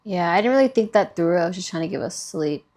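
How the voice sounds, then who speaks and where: A woman's voice: fairly low pitch, animated, fast, darkish tone. A young woman co-hosting a podcast in casual chat, giving short, agreeable replies. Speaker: podcast co-host.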